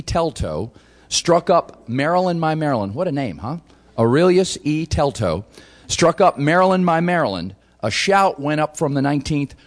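A man lectures on history to an audience in a voice of ordinary pitch. He tells it like a story and drops in wry asides along the way.

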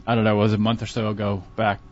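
Low-voiced male pundit, analytical. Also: completely flat delivery. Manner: measured, many fillers and restarts, analytical. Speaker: political commentator, professor and author. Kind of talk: casual political discussion. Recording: dull lo-fi radio broadcast.

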